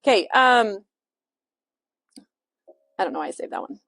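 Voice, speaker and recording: A woman's voice: mid-range voice, animated, normal speed, creaky, fairly bright tone, dry recording. A woman with a Utah accent teaching a social media class in a chatty, loose way with lots of fillers. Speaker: real estate social media instructor.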